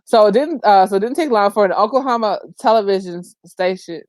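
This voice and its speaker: A woman's voice: mid-range voice, brisk, darkish tone, no room sound. A woman giving emphatic, opinionated commentary in a casual vlog, full of exclamations and slangy asides. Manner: colloquial, says "child" and "girl" often. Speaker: vlogger.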